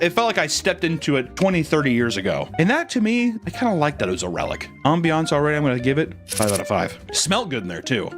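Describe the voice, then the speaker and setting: A man's voice: mid-range voice, a bit bright. A man hosting a comedic store review vlog, rambling in a crude, profane, self-mocking way.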